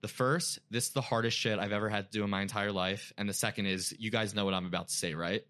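A man's voice: fairly low pitch, fairly even intonation, quick pace, a bit bright. A young man, a podcast guest, telling an emotional personal story in casual chat, full of filler words.

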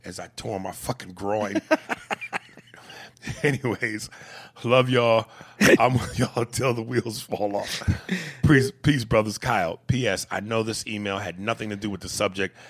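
A man hosting a podcast, reading listener emails aloud in casual chat, profane and quick to laugh. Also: fairly low pitch, slightly rough. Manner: profane, laughing, animated reader.

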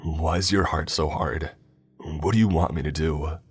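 A man's voice: extremely low pitch, steady tone, measured pace, slightly rough, soft background music, exaggerated voice. Man voicing an uncanny, coolly bored not-human being. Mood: calm. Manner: cool, almost bored delivery. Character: uncanny calm male being claiming godhood.

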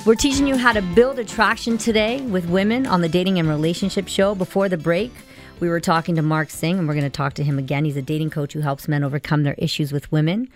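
A woman hosting a radio dating talk show, chatty and quick to jump in. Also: lowish voice, fairly even intonation, soft background music.

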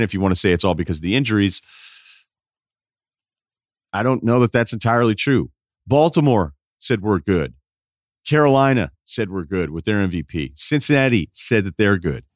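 A man with a fairly low voice holds forth as a sports podcast host, arguing his case and firing off numbers in quick runs. The sound is dry and close, with no room echo. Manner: argumentative, rattling off stats in quick bursts. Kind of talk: opinionated sports talk monologue.

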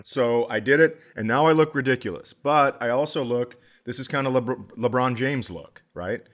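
A middle-aged man co-hosting a comedy podcast, telling rambling stories in casual chat and slipping into animated impressions. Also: mid-range voice, moderate pace.

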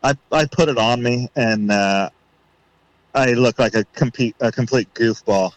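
A man on a podcast, telling a story in a casual way and acting out his own thoughts with rising excitement. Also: mid-range voice, unhurried, no room sound, poor audio. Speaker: podcast guest.

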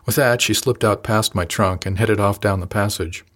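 A man reading a first-person novel aloud in a measured, calm manner. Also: on the low side. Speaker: audiobook narrator. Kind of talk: scripted first-person narration.

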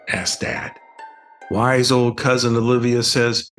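An older man, the author, reading his children's book aloud as a slow, expressive bedtime story. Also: mid-range voice, soft background music.

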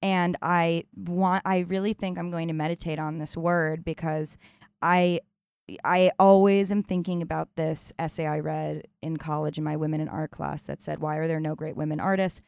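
A woman with a smooth, lowish voice speaks slowly and reflectively, often pausing to search for the right word. The recording is close and dry, with no room echo. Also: little pitch movement, darkish tone. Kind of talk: casual conversation.

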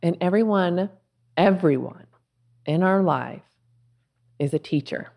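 A woman with a notably low voice, speaking as a podcast guest. She is calm and earnest and frames life in spiritual terms, offering gentle encouragement. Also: takes it slowly, creaky. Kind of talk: spiritual conversation.

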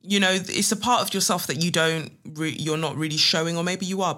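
A woman's voice: low-pitched, a bit bright. A woman hosts a casual podcast from her living room, chatting playfully and reading tarot with spiritual asides. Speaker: podcast host.

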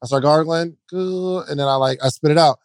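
A young man on a podcast telling a relaxed, slangy story in casual chat. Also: fairly high pitch, normal speed, smooth, dry recording.

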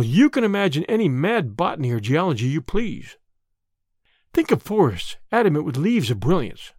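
A man's voice: sits high, darkish tone, no room sound, studio quality, heavily acted. A man voicing a bold male master thief in an audiobook of a classic story, who poses as a priest, then mocks and gloats. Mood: solemn. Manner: mocking and triumphant.

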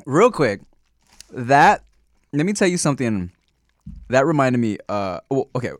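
A man's voice: medium pitch, sing-song, a little slow, no room sound, studio quality. A man co-hosting a podcast, chatting casually with blunt, profane banter. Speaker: podcast co-host. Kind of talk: casual chat.

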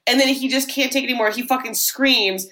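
Bright woman recapping a film. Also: sits high, quick pace. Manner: animated storytelling with swearing and asides. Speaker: podcast host.

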